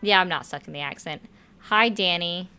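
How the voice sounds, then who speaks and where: A woman's voice: fairly low pitch, moderate pace, music in the background. A woman hosting a casual livestream chat, reading comments aloud in a sassy way. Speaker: livestream host.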